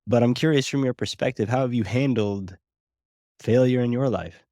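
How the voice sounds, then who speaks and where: A man hosting a podcast, asking measured, thoughtful interview questions. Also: mid-range voice, warm tone, dry recording, studio quality. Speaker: podcast host.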